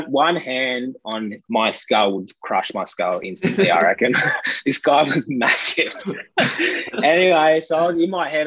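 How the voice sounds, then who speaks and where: Chatting casually, this young Australian storyteller wanders through a filler-heavy anecdote and laughs between his lines. He has a slightly bright mid-range voice, with no echo but poor audio quality.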